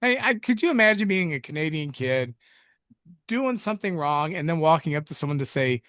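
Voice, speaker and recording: A man's voice: fairly high pitch, animated, a little fast, fairly bright tone, no echo, studio quality. A man co-hosting a film review podcast, recapping the plot in a rambling, jokey way with self-mocking asides. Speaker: podcast co-host reviewing films. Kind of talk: casual chat recapping a movie plot.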